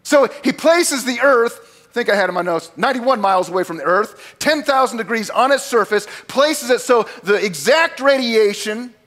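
A man preaching a sermon as pastor, talking casually to his congregation and acting out quoted lines with big jumps in pitch and loudness. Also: normal speed. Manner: animated, acts out God's lines with big swings in pitch and volume; conversational asides to the congregation.

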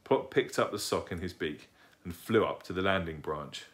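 A man calmly reading a children's book aloud as narrator. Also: sits low, moderate pace.

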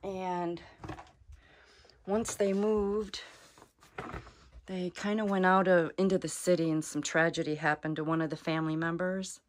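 A woman's voice: fairly low pitch, little pitch movement, a little slow, pauses often. A woman vlogging as she explores an abandoned cabin attic, nervous and exclaiming, talking to her viewers and to the animals she finds. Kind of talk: hushed exploring vlog.

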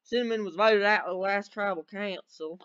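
A man's voice: sits high, brisk, smooth, muffled recording. A young man giving let's play commentary at his desk, cheering, yelping and rambling as the game goes on. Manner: excitable, yelps and cheers at game events, rambling asides. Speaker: gaming video creator. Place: at a desk at home. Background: faint game music.

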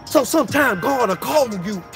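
Man, motivational speaker, high-pitched, slangy preacher cadence, over a music track. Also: expressive, moderate pace. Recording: clear music bed under voice.

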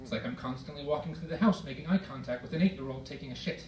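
A middle-aged man performing stand-up comedy, telling stories in an exasperated way with shouted outbursts. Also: mid-range voice, fast. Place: performance hall with a live audience. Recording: roomy hall recording from far off, loud noise.

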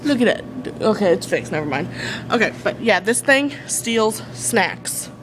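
A woman's voice: mid-range voice, big pitch swings, unhurried. Hyper Southern young woman, noisy recording. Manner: hyper, giggly and jokey. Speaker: vlogger. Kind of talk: casual goofy vlog. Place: college building, indoors.

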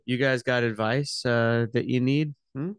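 A man's voice: mid-range voice, steady tone, a little slow, clean tone, no echo, studio quality, soft background music. A man hosting a morning radio show, joking around and slipping into mock salesman voices. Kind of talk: playful morning radio banter.

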